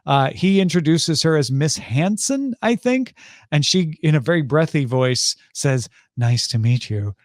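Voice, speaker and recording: A man's voice: fairly high pitch, sing-song, unhurried, dry recording, clean studio sound. A man co-hosting a podcast, chatting casually and animatedly about a TV episode. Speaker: podcast co-host.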